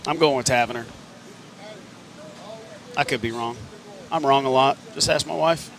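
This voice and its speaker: A man's voice: mid-range voice, moderate pace, creaky, fairly bright tone. A man giving easygoing, joking live commentary at a car race, often unsure of names.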